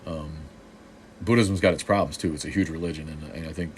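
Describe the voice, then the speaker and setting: Low-voiced, snarky man from Boston, middle-aged, hosting a loose live-stream chat. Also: steady tone, brisk, a little hiss or hum. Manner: snarky, joking, loose with many restarts. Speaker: live stream host answering viewer comments.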